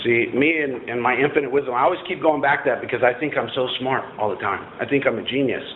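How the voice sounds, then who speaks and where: A man's voice: medium pitch, fast talker. A man telling a personal story to an audience in a blunt, self-mocking and profane way. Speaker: former Marine telling his story. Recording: tinny phone-like line, faint noise.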